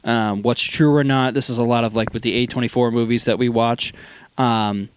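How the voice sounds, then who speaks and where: A man co-hosting a casual podcast, rambling through a film recap with plenty of ums and likes. He breaks into quick acted-out quotes from the characters. His voice sits at a middling pitch, recorded close and dry with little room sound. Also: steady tone, clear, resonant tone, dry recording. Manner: rambling recap with lots of fillers, acts out quoted lines. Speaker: podcast co-host. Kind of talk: casual movie review chat.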